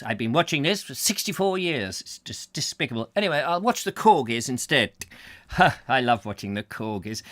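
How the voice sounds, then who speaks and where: A man's voice: mid-range voice, fairly bright tone. A man hosting a casual show, rambling and reading out comments, often breaking into silly songs and voices. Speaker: host.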